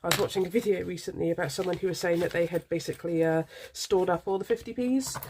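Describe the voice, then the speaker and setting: A chatty British woman in her thirties talks to her viewers with a stuffy, nasal voice from a head cold. She rambles and apologises, filling gaps with ums, in a slightly low voice. Coins clink faintly behind her. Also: fast talker, darkish tone, slight background noise. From United Kingdom. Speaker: budgeting vlogger. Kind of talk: casual chat to camera while sorting coins.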